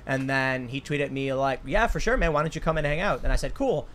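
A man's voice: mid-range voice, fast. A man in his thirties hosting a casual chat, telling a rambling story and acting out the quotes. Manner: rambling, animated, acts out quotes. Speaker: host.

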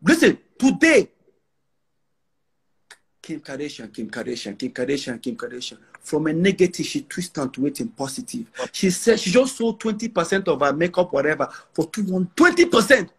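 A man's voice: on the high side, big pitch swings, normal speed, husky. A brash, defiant man with a Nigerian accent, talking boastfully in an interview and repeating phrases for emphasis. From northern Nigeria.

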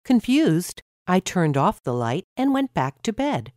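A woman narrating a children's story aloud in an expressive, clear reading voice. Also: on the low side, normal speed, no room sound, clean studio sound.

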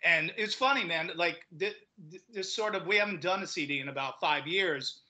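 An animated man guesting on a podcast, telling stories and slipping into other people's voices as he quotes them. His voice is bright and forceful, and it sits somewhat high for a man. He often stumbles and repeats words as he restarts a thought. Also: moderate pace, low-quality recording. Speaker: guest comedian. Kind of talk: casual podcast chat, storytelling.

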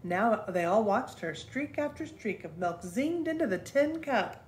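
A woman's voice: mid-range voice, lively intonation, measured pace, roomy sound, slight background noise. Grandmother reading a storybook aloud. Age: older. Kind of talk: reading a children's book aloud.

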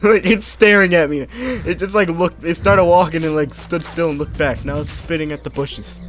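A man chatting casually while playing a game, excitable and laughing, swearing freely at the chaos. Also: on the high side, moderate pace. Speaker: gamer. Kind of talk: casual gameplay banter. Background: background music.

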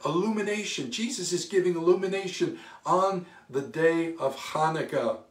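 A man's voice: on the high side, moderate pace, recorded from a distance. Fervent man preaching in a roomy church. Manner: fervent call-and-response preaching. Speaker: pastor. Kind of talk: sermon. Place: church sanctuary.

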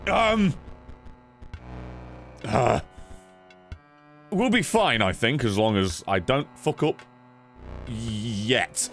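A man streaming a card game, giving casual commentary, swearing often and breaking into sudden high squeals. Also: big pitch swings, slow pace, pauses often, a bit bright, soft background music.

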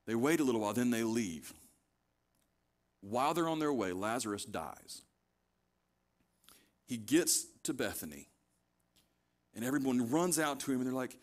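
A man's voice: mid-range voice, expressive, moderate pace, pauses often. A man preaching a conversational sermon as pastor, retelling scripture scenes casually and pressing his points with repetition.

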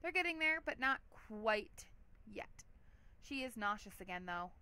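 A woman's voice: fairly high pitch, sing-song, a little slow, bright, forceful tone, smooth. A woman hosting a let's play, giving chatty, giggly gameplay commentary with a lot of "like".

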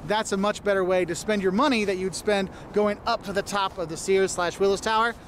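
A man with a notably high voice talks through travel tips in a chatty, explanatory way. Faint noise sits under the voice of the played clip. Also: steady tone, a little fast, a bit bright. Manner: chatty, explains with "okay?" and "look". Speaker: travel video presenter. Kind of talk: scripted travel guide talk.

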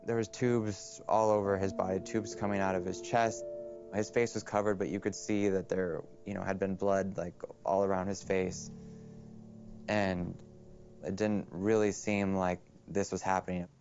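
Young guy, lowish voice, quiet halting documentary talk, kinda muffled, soft music under it. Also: level tone. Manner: quiet, halting storytelling with restarts. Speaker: interviewee. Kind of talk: documentary testimony. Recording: slightly muffled film audio.

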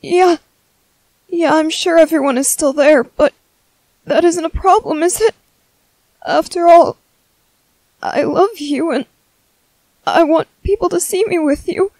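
A woman voicing a timid, gentle young man who stammers softly and apologizes, in a whispered role-play. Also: very high-pitched, unhurried, pauses often, dry recording, rough recording. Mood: tender, shaky. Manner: hesitant, stammering, soft-spoken.

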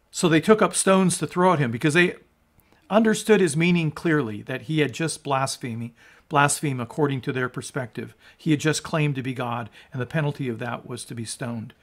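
A man preaching as a pastor, reading scripture aloud and explaining it in an earnest sermon, often restarting words and dropping low at the ends of phrases. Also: moderate pace. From United States. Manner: earnest, rises in emphasis on quotes, drops low at phrase ends.

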